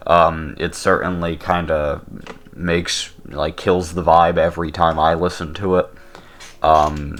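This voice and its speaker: A young man talking casually about songs, blunt and opinionated, often pausing with fillers. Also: sits low, fairly bright tone. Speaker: YouTube host.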